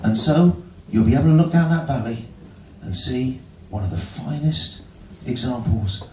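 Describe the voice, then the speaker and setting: A man's voice: mid-range voice, moderate pace. A man doing a topical stand-up set in a pub, dry and self-deprecating, often chuckling at himself. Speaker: stand-up comedian. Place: pub comedy venue. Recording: roomy distant pub mic with noise.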